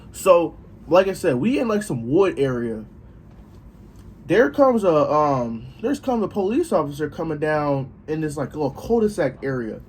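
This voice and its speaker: Young man, vlog storytelling, lively jumpy pitch, a bit high, profane, acts out dialogue. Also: slight background noise. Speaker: vlogger.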